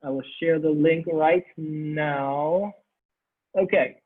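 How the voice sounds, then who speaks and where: A man teaching a Sanskrit class online, animated, repeating phrases and laughing as he explains. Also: on the high side, slow pace. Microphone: video call. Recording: tinny video-call audio.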